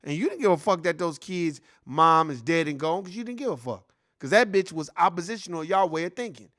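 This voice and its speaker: A man's voice: fairly high pitch, lively intonation, a little fast, a bit bright. A man giving a heated, profane reaction commentary in a casual, repetitive ranting style.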